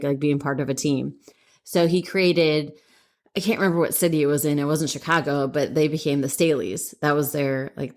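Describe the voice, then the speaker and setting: A woman, co-hosting a podcast in casual chat. She rambles, corrects herself often and laughs as she talks. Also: sits low. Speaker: podcast co-host.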